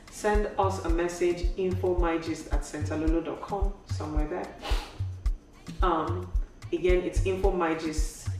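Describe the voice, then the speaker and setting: A woman's voice: on the low side, darkish tone, very echoey, far from the mic. A woman from Africa with an African accent, hosting a frank, emphatic and teasing monologue. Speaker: host. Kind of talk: casual monologue to camera.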